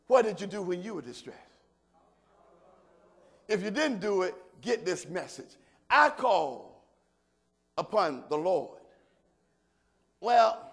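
An older man preaches a sermon in a high, husky, gravelly voice. He drops to low murmurs and climbs to shouts, and he calls questions out to the congregation. His pitch moves a lot. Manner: call-and-response asides to the congregation. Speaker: pastor.

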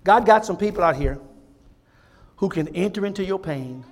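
A male pastor delivers a fervent sermon in a fairly high, light voice, pressing his points through repetition and rising volume. He then drops to a near hush to draw the congregation close. Folksy, conversational asides keep it personal. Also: expressive, moderate pace. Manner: fervent preaching, swinging between loud emphatic repetition and hushed intimacy.

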